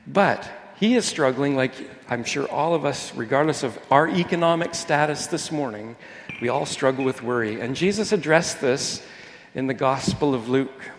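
A man's voice: medium pitch, animated, moderate pace. A man preaching a Sunday sermon in a church, talking conversationally with jokey asides and restarts. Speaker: pastor. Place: church hall during a Sunday morning service. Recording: long hall reverb.

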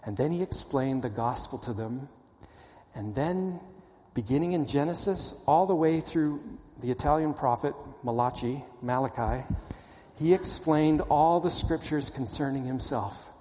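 A male pastor preaching a sermon, swinging from loud animated storytelling to hushed, low emphasis. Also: unhurried, in a large hall, a little hiss or hum.

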